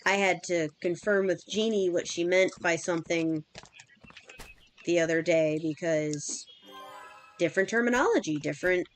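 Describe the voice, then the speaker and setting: A woman's voice: fairly low pitch, level tone, normal speed, soft background music. A woman in her thirties chatting casually and rambling with fillers while streaming a game. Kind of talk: casual chat while gaming.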